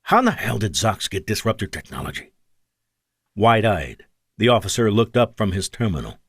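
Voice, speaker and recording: Guy reading an audiobook, lowish voice that swings around a lot, dry close sound. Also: huge pitch swings, moderate pace, slightly rough, no room sound. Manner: shifts pitch and pace for character dialogue. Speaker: audiobook narrator. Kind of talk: scripted narration.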